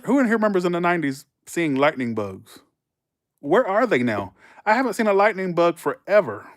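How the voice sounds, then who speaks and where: A man in his thirties chatting casually to viewers as a livestream host, rambling through stories and jumping into animated quoted voices. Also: a little high, no echo, studio quality.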